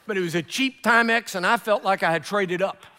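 A man delivers a sermon as a lively story and plays every character in the exchange. His voice sits high and rings bright, and a long reverb from the hall carries around him. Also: brisk, a little hiss or hum. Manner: animated storyteller acting out dialogue. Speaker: preacher.

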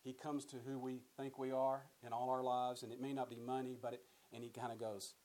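A man's voice: medium pitch, flat delivery, fairly quick, a little mellow, rough recording. A man teaching a Bible study in a conversational way, often repeating words and putting questions to his listeners. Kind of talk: sermon-style Bible teaching.

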